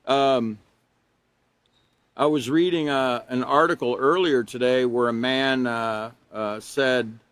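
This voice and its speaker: A man's voice: medium pitch, steady tone, slow pace, a bit bright, clean tone, no echo. Older guy in his 60s teaching an online class, chatty and rambling, gets emphatic on the rules, dry sound. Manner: folksy and rambling, with chuckles and asides; emphatic when stressing rules. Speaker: character education instructor. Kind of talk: live online class lecture.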